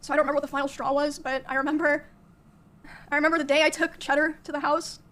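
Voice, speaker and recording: Young woman, high and fairly flat voice, soft-spoken, halting, recounting her own story with many fillers. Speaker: streamer.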